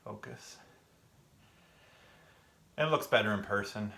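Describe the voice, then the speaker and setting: A man's voice: fairly low pitch, slow, gravelly, bright, forceful tone. A young man chatting casually on a livestream while working, out of breath and rambling with fillers. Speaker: gaming vlogger answering live chat. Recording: echoey room, faint background noise.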